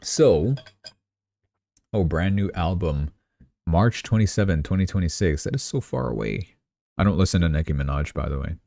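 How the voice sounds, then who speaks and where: A deep-voiced young man rattling through the week's headlines in a casual, chatty livestream style. He tosses off sarcastic asides as he goes, and his voice comes across close and dry at the desk mic. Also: animated, moderate pace, creaky, pauses often, warm tone, no echo. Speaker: crypto and news livestream host. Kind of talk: casual news commentary.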